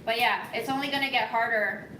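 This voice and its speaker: A woman vlogger giving an earnest, thoughtful monologue, speaking slowly with frequent pauses and ums. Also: on the high side, bright, forceful tone, echoey room, a little hiss or hum, low-quality recording. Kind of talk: reflective monologue.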